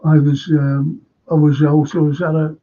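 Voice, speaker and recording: A man's voice: a little high, level tone, normal speed, mellow. An older man with a Liverpool accent hosting a live fan stream, chatting casually, reading comments and rambling through anecdotes with restarts. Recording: dull lo-fi stream audio.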